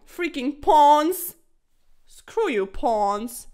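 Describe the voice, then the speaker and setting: A young woman narrates her own chess games to camera in a high, bright voice. She talks straight at her opponent, loud and exasperated one moment and muttering in defeat the next. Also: animated, slow, pauses often. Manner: talks to her opponent, calling him sir, swings from yelling to muttering; loud and exasperated, then low and deflated. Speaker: chess streamer. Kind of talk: frustrated chess commentary to camera.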